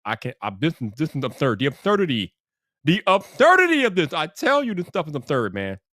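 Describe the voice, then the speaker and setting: A man's voice: mid-range voice, big pitch swings, fairly quick, fairly bright tone, no room sound, studio quality. A man hosting a casual livestream, greeting chat viewers by name and sounding exasperated. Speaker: livestream commentary host.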